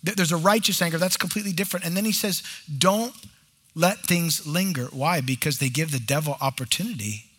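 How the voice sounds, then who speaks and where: A man's voice: on the high side, a little fast, a bit bright, breathy edge. A middle-aged male pastor preaching a sermon in a church, acting out short bits of dialogue as he goes.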